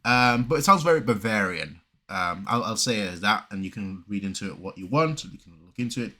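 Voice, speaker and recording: Man, from southern Germany, fast rambling reaction talk, bright tense tone, restarts often. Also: lowish voice, animated. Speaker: reaction video creator. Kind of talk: casual reaction commentary.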